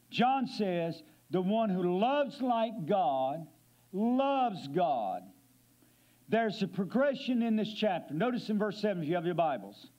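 A male guest preacher delivering a sermon in a church, slowing down to stress scripture and dropping to a low, quiet voice for effect. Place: church sanctuary.

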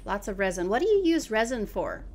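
A woman streaming a co-op game, giving casual commentary in an excitable manner, often exclaiming and laughing. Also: medium pitch, a little fast, faint music behind. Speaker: gaming streamer.

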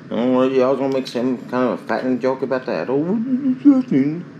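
A man's voice: mid-range voice, steady tone, quick pace, a little mellow, highs cut off, slight background noise. A man chatting casually to himself and viewers as he cooks. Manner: chatty, rambling, self-talk while cooking. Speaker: cooking ASMR host. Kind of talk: casual cooking chat.

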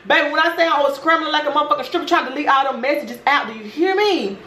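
A woman vlogger telling a story in a brash, profane, animated way. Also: sits high, racing. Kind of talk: storytime chat. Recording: roomy room with faint noise.

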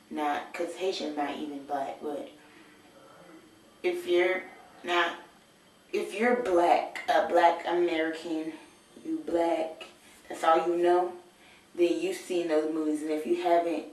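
A teenage high school girl, talking sassy and playful in a video diary from her bathroom. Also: darkish tone, heavy reverb, far from the mic, low-quality recording. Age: teens. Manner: sassy, playful, talks to the camera. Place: bathroom with shower.

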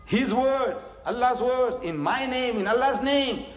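A man giving a religious lecture on scripture, animated and teasing, repeating phrases for emphasis and joking with the audience. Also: very high voice, a little slow. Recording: echoey hall reverb.

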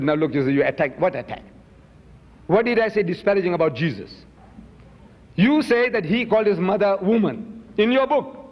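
A man answering audience questions at a public debate, emphatic and full of rhetorical questions. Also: sits high. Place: lecture hall. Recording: dull lo-fi hall with long reverb.

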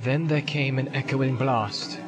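A man's voice: medium pitch, a little slow. Man narrating an audiobook over music. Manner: steady, dramatic storytelling. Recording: loud music under the voice.

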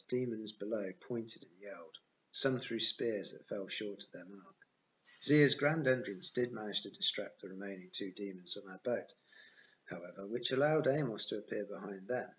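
A man's voice: fairly low pitch, a bit bright, highs cut off. A man reading a novel aloud as an audiobook, narrating plainly in the first person. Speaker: audiobook reader.

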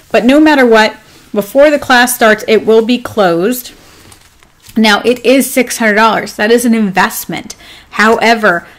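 A woman coaching pet groomers in a casual live class, chatty and upbeat, rambling with plenty of fillers. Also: fairly high pitch. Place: home with her dog nearby.

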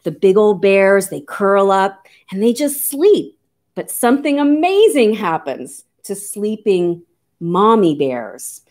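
A woman who teaches nature to children, speaking in an animated, sing-song, coaxing way as she shows live animals. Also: mid-range voice, takes it slowly. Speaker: nature educator.

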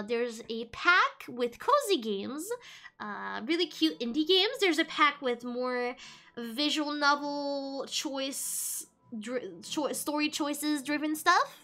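High, lively, bright-voiced woman streamer. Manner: rambling, giggly, self-interrupting. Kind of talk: casual stream chat. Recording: faint background music.

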